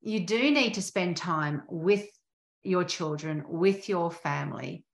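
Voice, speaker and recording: A woman's voice: lowish voice, slow, creaky. A middle-aged woman hosting a podcast, speaking in a reflective, thoughtful way. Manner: reflective, thoughtful, some restarts. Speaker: podcast host. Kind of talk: interview conversation. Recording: echoey room.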